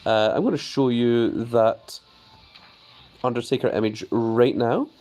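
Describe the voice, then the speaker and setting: A chatty male streamer in a relaxed, unscripted live broadcast. He has a middle-of-the-road pitch, talks through what he shows on screen, reads chat messages aloud and answers them, and his voice jumps up when he greets someone. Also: unhurried. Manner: easily excited, voice jumps up on greetings. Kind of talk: casual live-stream commentary.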